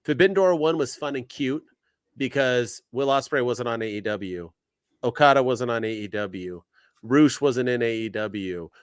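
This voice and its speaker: A man co-hosting a wrestling podcast, talking in animated, ranting bursts. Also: mid-range voice, normal speed, smooth, no echo, studio quality. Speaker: podcast co-host. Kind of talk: casual podcast chat.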